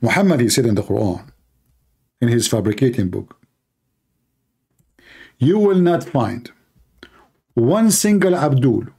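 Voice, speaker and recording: This man hosts a live religious debate stream, mocking sarcastically in nonstandard English grammar. His mid-range voice is expressive, warm, creaky, and slightly rough, at a measured pace with frequent pauses.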